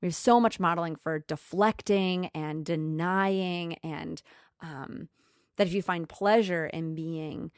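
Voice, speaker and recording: A woman talking in an earnest, emotional way about her spiritual growth. She often repeats phrases and goes soft and slow. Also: lowish voice, no echo, clean studio sound. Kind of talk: reflective spiritual monologue.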